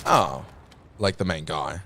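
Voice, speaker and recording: A man streaming a game, chatting casually with a teasing, sweary, deadpan manner. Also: extremely low pitch, slow pace, very noisy. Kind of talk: casual gaming chat.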